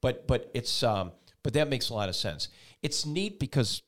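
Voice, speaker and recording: A man's voice: mid-range voice, sing-song, moderate pace, a bit bright. A man hosting a casual interview show, enthusiastic and rambling, often restarting his questions. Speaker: talk show host.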